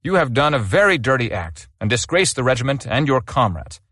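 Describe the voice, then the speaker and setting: A man reading aloud plays a stern army colonel. He asks his questions in a measured, formal way, his pitch moving freely. The sound is dry and close. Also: sing-song, fairly bright tone, no echo. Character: stern army colonel presiding over discipline.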